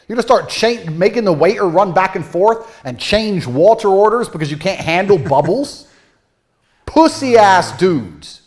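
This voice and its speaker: A man parodying a ranting macho influencer with a British accent. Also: high-pitched. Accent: British with patois slips. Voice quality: swearing, ranting. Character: brash macho male influencer, angry, boastful.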